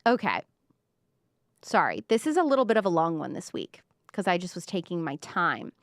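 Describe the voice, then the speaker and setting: A woman's voice: lowish voice, sing-song, moderate pace, dry recording, clean studio sound. A woman hosting a live-stream commentary show, talking sarcastically and mockingly. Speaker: podcast host.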